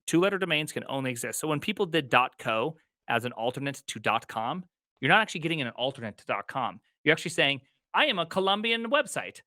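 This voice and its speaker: A man co-hosts a casual tech podcast, excitable and jumping between half-finished thoughts. His voice is bright and forward, and the sound is dry and close with no room around it. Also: medium pitch, no room sound. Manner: excitable, talks in quick restarts. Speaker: podcast co-host.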